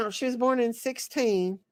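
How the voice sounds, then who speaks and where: Lady sick n short of breath, slow singsongy hellos, kinda high voice, real dry close sound. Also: vocal fry, a little mellow, no room sound. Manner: slow, drawn-out greetings with sing-song repeats. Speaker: livestream host. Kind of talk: casual livestream chat greeting viewers.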